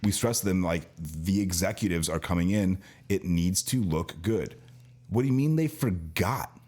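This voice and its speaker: A man's voice: low-pitched, moderate pace, darkish tone. A man co-hosting a casual podcast, telling a long, venting story about his work at a car dealership, with frequent restarts. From California, US. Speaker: podcast co-host, service department worker at a car dealership.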